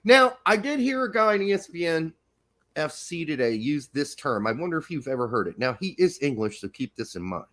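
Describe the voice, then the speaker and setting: Lively, high-voiced casual American man. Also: a little fast. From United States. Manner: loose, profane, joking. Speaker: podcast co-host. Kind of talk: casual banter about soccer.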